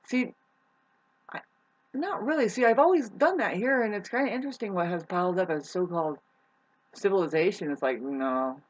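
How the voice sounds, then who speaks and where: A casual vlogger rambling to the camera, voice sitting at a middling pitch. The talk meanders and circles back with frequent restarts and offhand swearing. The audio is a bit dull and lo-fi. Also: expressive, normal speed, long pauses. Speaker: astrology vlogger. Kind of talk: casual rambling monologue to viewers.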